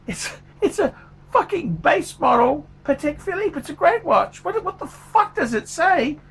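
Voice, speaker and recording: A man's voice: very high-pitched, sing-song, measured pace, fairly bright tone, pitched above the performer's own voice, exaggerated voice. A man voicing a furious, foul-mouthed male watch reviewer who swears constantly in a paid review rant. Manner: swears constantly, ranting, blunt.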